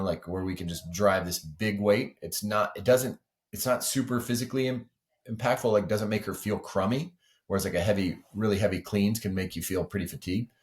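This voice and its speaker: A man's voice: on the low side, darkish tone. A man, a weightlifting coach, speaking as a podcast guest in casual, earnest conversation, explaining with many 'like' and 'you know' asides.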